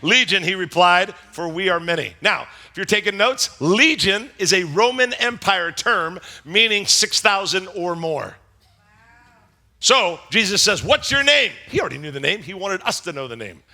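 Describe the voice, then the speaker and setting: A male pastor preaching to a congregation with a high, very bright, ringing voice. He tells the story with animated energy, acting out the lines and bursting into shouts. He keeps pulling the room in, asking them to call out answers. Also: normal speed. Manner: animated, dramatizing scripture with acted voices and shouts; calls on the congregation to answer along. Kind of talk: sermon. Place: church sanctuary before a congregation.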